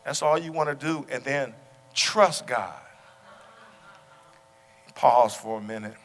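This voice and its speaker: A male pastor preaching a sermon to his congregation, talking through stories and repeating his question, at times rising to loud exclamations. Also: mid-range voice, slow pace. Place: church sanctuary. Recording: long hall reverb.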